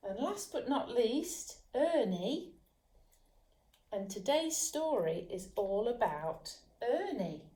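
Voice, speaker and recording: Slow gentle woman reading a bedtime story. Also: a little high, very animated. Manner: gentle, soothing, sometimes drops to a whisper. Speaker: children's author and dog trainer. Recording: roomy echo.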